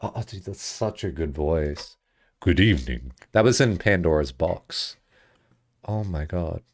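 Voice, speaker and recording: A man streaming a video game, joking and reacting casually as he plays. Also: a little slow. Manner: joking, animated, with sudden swings in pitch. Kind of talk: casual let's-play commentary.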